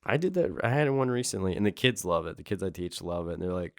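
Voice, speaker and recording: A man with a very low voice tells stories with a deadpan, joking edge. His podcast mic sounds dry and close, with no room around it. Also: fast, no room sound. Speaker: comedian guest, teacher. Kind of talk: casual comedic chat.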